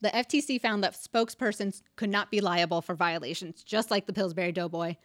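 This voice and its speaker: A woman's voice: medium pitch, brisk, dry recording, clean studio sound. A young woman co-hosting a podcast in casual chat, telling a story with asides and laughs. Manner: chatty storytelling, reads out facts with asides and laughs. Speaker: podcast co-host.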